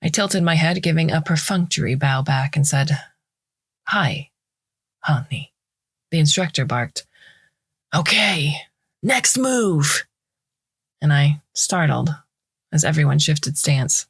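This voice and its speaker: Low gravelly woman narrating a story. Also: no echo, clean studio sound. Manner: measured, wry first-person storytelling. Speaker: story reader. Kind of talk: scripted narration.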